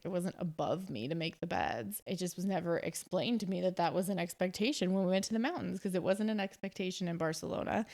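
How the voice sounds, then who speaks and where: A woman's voice: medium pitch, gravelly, darkish tone. A woman in her twenties casually telling a long personal story on a podcast, with lots of fillers and quoted dialogue. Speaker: podcast host.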